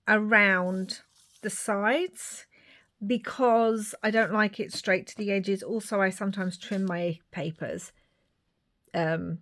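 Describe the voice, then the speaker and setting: A woman's voice: medium pitch, fairly bright tone. A woman chatting casually while she crafts, thinking aloud and sometimes dropping to a whisper. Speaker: craft video maker.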